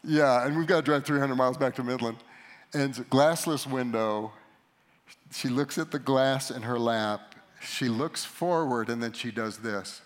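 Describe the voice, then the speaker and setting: A middle-aged man giving a sermon to a live audience, telling a story about himself with animated, self-mocking humor. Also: mid-range voice, unhurried. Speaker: pastor or conference speaker.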